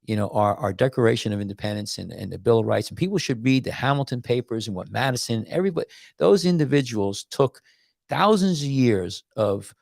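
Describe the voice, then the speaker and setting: A man's voice: mid-range voice, fairly quick, gravelly, dry recording, clean studio sound. A man hosting a casual podcast as a doctor, rambling and restarting his words as he talks. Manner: tells stories with animated quoted voices.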